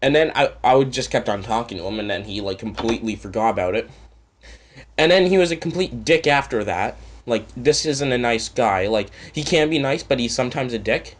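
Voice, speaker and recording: A man's voice: mid-range voice, lively intonation, a little fast. Rambling, foul-mouthed Canadian man ranting. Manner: rambling, profane and sarcastic. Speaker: channel host. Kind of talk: casual storytime rant.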